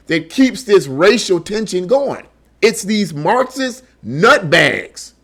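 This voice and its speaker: A man's voice: sits high, sing-song, unhurried. A man giving a heated commentary monologue on a news article. He stumbles over repeated words and keeps firing off rhetorical questions. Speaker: online political commentator.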